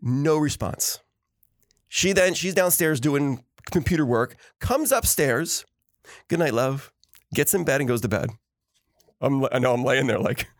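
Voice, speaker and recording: Lively middle-aged guy chatting, voice bouncing all over, dry close sound. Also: medium pitch, no room sound. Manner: animated storyteller acting out quotes. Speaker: podcast co-host. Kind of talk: casual chat.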